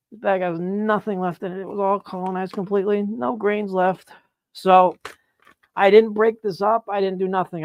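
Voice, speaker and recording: A chatty, excitable man talks his viewers through his mushroom work on a live stream, often laughing and saying sorry. His voice has a gravelly, fry-edged texture. The sound is dry and close, with little room echo. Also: high-pitched. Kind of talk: live-stream chat while working. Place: grow room, indoors.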